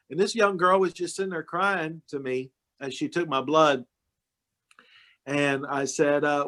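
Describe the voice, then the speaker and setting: Still recovering from illness, the county judge gives a casual guest talk to a club over video call. He speaks at normal speed in a higher, steady voice, warm-hearted and folksy, with plenty of storytelling.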